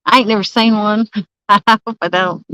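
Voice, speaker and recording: A woman's voice: mid-range voice, steady tone, measured pace, fairly bright tone, smooth, no echo, low-quality recording. A woman chatting casually on a live stream from a campsite, greeting viewers by name and laughing often. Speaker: livestreaming angler. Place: campsite outdoors.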